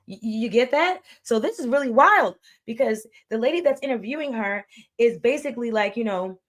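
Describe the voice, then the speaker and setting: This woman's fairly high, expressive voice carries a fairly bright tone at moderate speed. As a livestream commentator on a streaming setup, she speaks casually but forcefully, circling back to phrases and offering preachy side comments.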